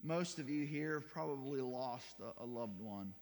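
A man's voice: medium pitch, normal speed, a little mellow. Emphatic male preacher in a reverberant church. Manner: emphatic, repetitive, stumbling restarts. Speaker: pastor. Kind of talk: sermon.

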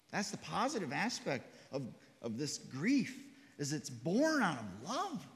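A middle-aged man preaching a sermon as a pastor, telling a heartfelt story that swings between loud and hushed. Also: on the high side, huge pitch swings, a little slow, hardly any pauses. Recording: reverberant hall sound.

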